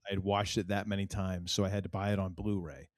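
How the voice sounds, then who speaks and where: A man's voice: sits low, level tone, fast talker, dry recording, studio quality. A middle-aged man from New England, co-hosting a podcast in casual, rambling chat full of fillers and restarts. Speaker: podcast co-host.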